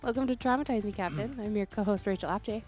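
A woman's voice: medium pitch, fast talker, a little mellow. A young woman co-hosting a podcast in casual chat, laughing often as she talks. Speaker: podcast co-host.

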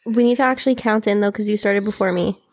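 A woman's voice: medium pitch, steady tone, fast talker, no echo. A young woman co-hosting a podcast in casual chat, dry and teasing, laughing often. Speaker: podcast co-host.

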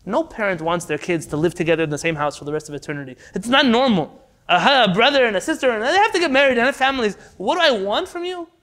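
A man teaching a Torah class in an impassioned lecture, swinging from loud rhetorical questions to quiet, intense pleas. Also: high voice, lively intonation, fast talker.

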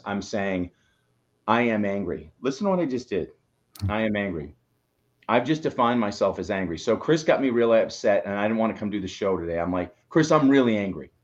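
A man's voice: lowish voice, animated, fairly quick. Emphatic man coaching on a dull line. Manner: emphatic, preachy, swears. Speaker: co-host, coach. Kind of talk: motivational live show talk.

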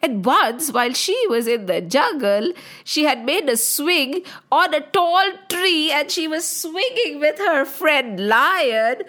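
Animated woman telling a story. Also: sits high, takes it slowly. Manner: animated, sing-song. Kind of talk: children's story narration.

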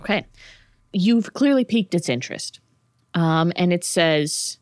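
A woman narrating as game master in a tabletop game, relaxed and casual with fillers. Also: lowish voice, measured pace, no room sound, clean studio sound.

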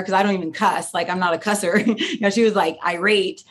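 A woman's voice: mid-range voice, fairly even intonation, brisk, few pauses, breathy edge. A young woman telling a personal story in a casual interview, chatty, full of "like" and "you know", acting out what people said. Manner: chatty, lots of "like" and "you know", acts out quotes. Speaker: guest.

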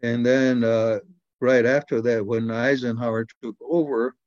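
A man's voice: mid-range voice, level tone, unhurried, a little mellow, no room sound. Older American man, interviewee, blunt and rambling with restarts; dry, slightly muffled recording. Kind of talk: casual talk.

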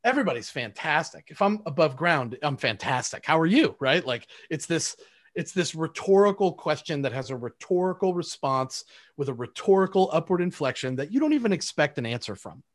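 A man's voice: on the high side, sing-song, fairly quick. A man in casual conversation who acts out quoted exchanges as he talks.

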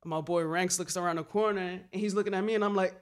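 Animated slangy New man telling stories. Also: high voice, fast, smooth. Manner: animated, swearing, slangy, acts out quotes. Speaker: graffiti writer telling stories. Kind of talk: casual storytelling.

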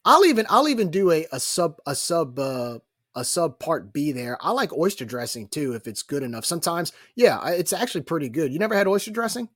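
Animated man with a dry close sound. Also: on the high side, a little fast, no echo. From New Orleans, Louisiana. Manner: animated, jokey storyteller. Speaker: podcast co-host. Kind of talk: casual sports podcast chat.

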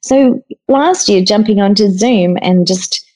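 A woman chatting as a podcast guest over a video call. Her voice is mellow and warm, and she tells stories in an expressive, chatty way. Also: mid-range voice, a little slow, rough recording. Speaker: guest cook and author.

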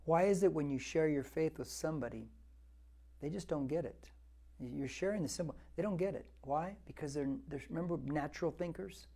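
A man's voice: fairly high pitch, brisk, vocal fry, warm tone. A man in his sixties preaching a verse-by-verse Bible teaching, talking conversationally and repeating words for emphasis as he builds to fervent exhortation. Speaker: pastor.

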